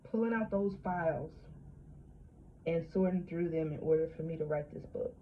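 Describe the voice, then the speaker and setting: A woman's voice: deep voice, normal speed. A woman in her late thirties talking candidly and bluntly about trauma, swearing freely and often restarting her phrases. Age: late 30s. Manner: frank, profane, repeats and restarts phrases. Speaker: vlogger. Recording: dull lo-fi audio with steady hum.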